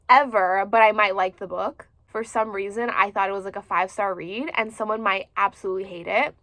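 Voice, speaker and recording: A woman in her twenties chatting casually as a book vlogger, expressive and full of filler words. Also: on the high side, no room sound. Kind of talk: casual chat to camera.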